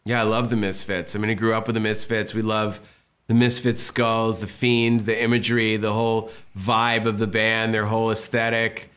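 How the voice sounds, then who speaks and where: A man's voice: lowish voice, normal speed. A man in his fifties from Massachusetts, a film director telling stories in a casual interview and acting out what people said. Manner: animated storyteller acting out quotes.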